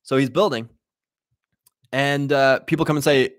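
A man's voice: mid-range voice, fairly quick, pauses often, dry recording, clean studio sound. Punchy man acting out voices. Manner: animated, acts out quoted voices, punchy. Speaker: host. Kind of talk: casual monologue to listeners.

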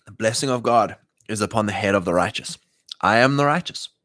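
A man's voice: on the low side, brisk, a bit bright, a little hiss or hum. A man preaching casually to a live chat, emphatic and slangy, often mimicking imagined voices. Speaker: Christian livestream host.

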